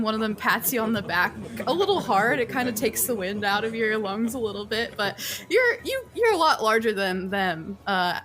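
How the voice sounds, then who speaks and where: Woman gm narrating a dnd game, kinda high voice, laughs a lot. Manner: lively, laughs often. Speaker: game master.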